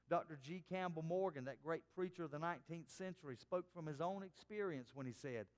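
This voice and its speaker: A man preaching a sermon as pastor, dropping to soft, hushed tones for quoted words. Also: fairly high pitch, fairly quick, in a large hall. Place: church sanctuary.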